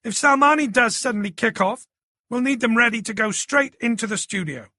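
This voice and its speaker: A man voicing a brisk, practical male police officer. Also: extremely high pitch, creaky, bright, forceful tone, no echo, studio quality, pitched above the performer's own voice, full character voice.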